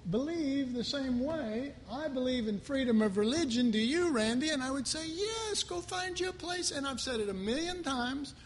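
In a large church hall with long reverb and a faint underlying hum, a male pastor from the United States delivers a sermon in a high, lively voice. He's animated, quizzing his congregation and acting out the voices of those he mentions.

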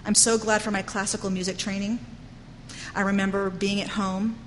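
A woman's voice: mid-range voice, level tone, moderate pace, slight background noise. Earnest woman preaching in a reverberant hall. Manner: earnest, conversational preaching with frequent "you know". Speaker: Bible teacher. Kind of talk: sermon. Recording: long hall reverb with faint ambience.

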